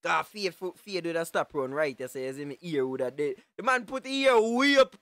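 A young man, streaming live and reacting to photos with loud, joking patois banter and sudden shouts. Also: a little high, lively intonation, fairly quick, noisy background.

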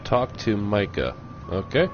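A man's voice: on the low side, lo-fi sound, over music. A man hosting a gaming channel, giving goofy, joking commentary while he plays. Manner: goofy, joking, slow and lively. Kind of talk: let's play commentary.

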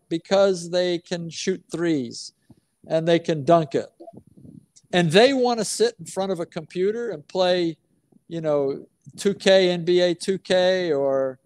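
A middle-aged American man, a basketball coach, answering interview questions with slow, deliberate, emphatic storytelling. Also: a little high, darkish tone, no room sound.

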